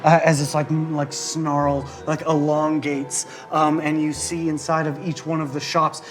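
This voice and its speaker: Rambling male game master, slightly high voice. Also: little pitch movement, unhurried, faint music behind. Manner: loose, rambling narration full of fillers. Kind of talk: narrating a tabletop game.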